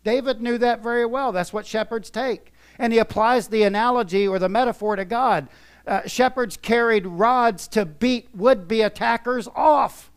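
A man preaching a sermon in a church, emphatic, swinging from soft to loud. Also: very high-pitched, normal speed, clear, resonant tone. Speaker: pastor.

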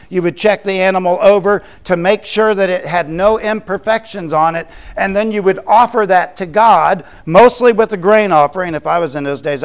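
A man preaching as a pastor, explaining scripture in a conversational way with quick asides. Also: high-pitched, smooth. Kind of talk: sermon.

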